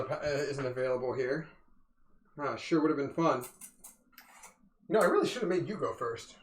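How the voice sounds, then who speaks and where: A man's voice: a little high, roomy sound. A man casually narrating his moves in a tabletop wargame, thinking aloud and talking to viewers as "you guys". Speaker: wargame player and streamer. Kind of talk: casual play-by-play of a tabletop game.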